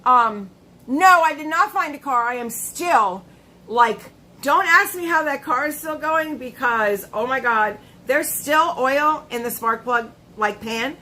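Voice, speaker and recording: A woman's voice: fairly high pitch, sharp tone, slight background noise, rough recording. A woman hosting a casual live stream, chatty and laughing often, greeting her viewers by name.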